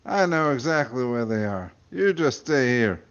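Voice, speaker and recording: A man's voice: mid-range voice, lively intonation, moderate pace, fairly bright tone, clear, resonant tone, lo-fi sound, lightly acted. A man voicing a crude, scheming little creature that smokes. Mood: offhand. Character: crude scheming small creature, chain-smoking.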